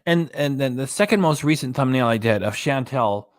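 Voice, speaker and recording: A man's voice: medium pitch, expressive, normal speed. Chatty man reading live chat. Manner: chatty, chuckles often, reads chat aloud. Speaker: livestream reaction host. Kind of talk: casual livestream chat reading comments. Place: small apartment.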